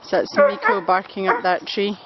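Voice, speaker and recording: A woman filming on her phone while walking a pack of dogs outdoors, chatting and calling to the dogs in a high sing-song voice. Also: wildly swooping pitch, moderate pace, lo-fi sound, background noise. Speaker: dog daycare walker filming a walk. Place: outdoors in woods and fields by a loch. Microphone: phone camera held while walking.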